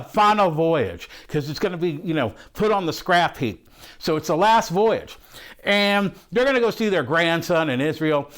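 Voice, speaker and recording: A man doing a high, crude, swearing movie buff. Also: a bit bright. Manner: crude, swearing, rambling retelling. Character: crude, horny male movie buff, rambling and profane. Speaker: host reviewing a film. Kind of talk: comic character monologue.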